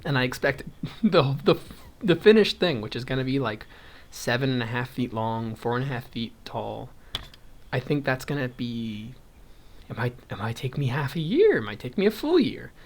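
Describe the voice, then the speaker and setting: Very animated yet unhurried, the young man's mid-range voice carries a faint hiss or hum. A vlogger crocheting as he talks, he rambles onto side topics, thinks aloud over his stitch count, and chuckles frequently in casual conversation.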